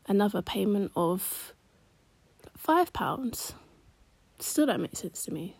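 A woman tells a personal story to camera, casual and slangy. Her voice is breathy and sits at a middling pitch. She talks close to a dry mic and often drops into hushed asides. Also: very animated, takes it slowly, pauses often, no echo. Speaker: vlogger.

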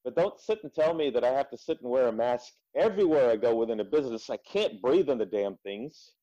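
Podcast guest, male, animated storyteller, dull lo-fi sound. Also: medium pitch, fairly quick. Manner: animated storytelling, swears freely. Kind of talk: casual chat. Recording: muffled lo-fi audio.

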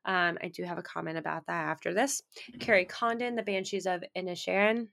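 A woman with a bright, forward voice co-hosting a relaxed chat about awards. She reads out lists of nominees, stumbling over names and filling pauses with ums and likes. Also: on the low side, vocal fry. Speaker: co-host. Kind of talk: casual film award chat.

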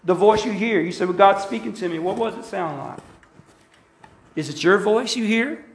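A man preaching a sermon to his church, shouting at the peaks and drawing out his calls. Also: high voice, normal speed. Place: church sanctuary. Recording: very echoey church hall.

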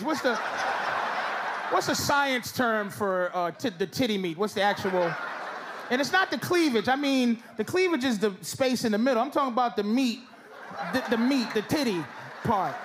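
A man doing loud, teasing stand-up crowd work on a comedy stage. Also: very high-pitched. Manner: loud, teasing, riffing with the audience. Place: comedy stage before a live audience. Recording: noisy live show with crowd laughter.

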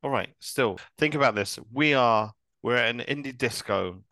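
Male co-host, bright and forceful, teasing banter. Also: medium pitch, normal speed, no echo. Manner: joking, teasing. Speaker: podcast co-host. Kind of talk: casual chat.

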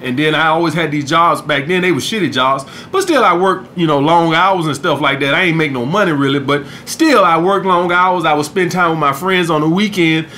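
A man's voice: on the high side, bright, forceful tone, slight background noise. A man hosting a podcast in a casual, profane monologue, peppering his talk with "all right?". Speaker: podcast host.

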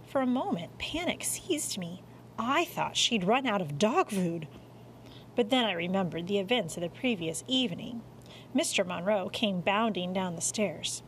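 A woman narrating a children's storybook aloud in an expressive reading with dramatic pauses. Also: mid-range voice, slight background noise. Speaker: audiobook reader.

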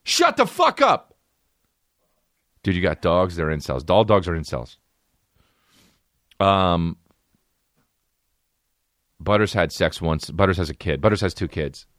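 A low-pitched young man rambles through profane stories with sudden animated bursts. He hosts a casual podcast, and his voice sits close and dry with no room sound. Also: a little slow, pauses often, no echo. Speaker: podcast host. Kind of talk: casual comedic storytelling.

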